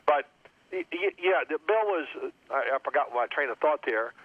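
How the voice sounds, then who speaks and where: A man's voice: fairly high pitch, normal speed, dry recording. Man telling stories over a phone line. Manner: animated anecdotes, acts out coach's yelling. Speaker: former NFL quarterback guest. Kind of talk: storytelling phone interview.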